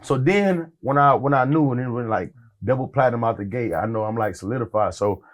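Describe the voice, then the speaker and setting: A man's voice: mid-range voice, fairly quick. A man who is a rap artist, telling stories in a casual interview in a laid-back, rambling way, full of fillers and acted-out quotes.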